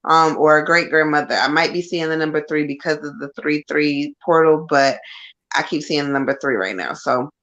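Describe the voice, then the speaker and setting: Low-voiced woman medium on a live reading. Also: moderate pace, a bit bright, lo-fi sound. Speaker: co-host medium. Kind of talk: live-streamed tarot reading.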